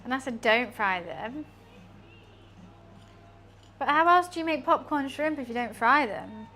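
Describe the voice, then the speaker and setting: High-voiced woman chatting while frying. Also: brisk, bright, forceful tone, soft background music. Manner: chatty, self-deprecating, talks to chat. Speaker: streamer. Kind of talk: casual cooking stream chat. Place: home kitchen. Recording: faint frying noise behind. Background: sizzling frying.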